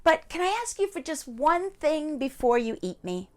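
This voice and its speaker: A woman's voice: high-pitched, sing-song, moderate pace, darkish tone, pitched above the performer's own voice. Woman voicing a sweet clever sheep. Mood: coaxing. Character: clever calm female sheep.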